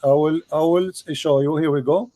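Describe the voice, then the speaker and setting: Insistent man with broken English, mellow voice. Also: on the high side, fairly even intonation, moderate pace, no room sound. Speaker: debate host. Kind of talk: live online debate.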